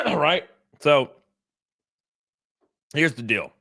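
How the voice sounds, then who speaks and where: Speaking extremely slowly, a California man with a fairly high, expressive, creaky and sharp voice runs a laid-back livestream. He reads chat aloud and reacts, swearing, laughing and mimicking others' voices. The audio is clean studio sound with no room echo.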